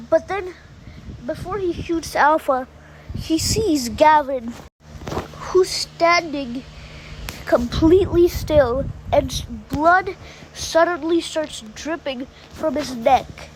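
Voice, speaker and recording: A woman's voice: high voice, takes it slowly, a little hiss or hum, rough recording. A woman casually retelling a fan-made story, stringing events together with "and then". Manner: breathless plot recap, many "and then"s.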